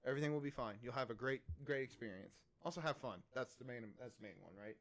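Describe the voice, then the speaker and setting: A man's voice: mid-range voice, quick pace, a bit bright. A young man co-hosting a casual podcast, chatting with a friend and reading posts aloud with mocking asides and frequent laughter. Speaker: podcast co-host.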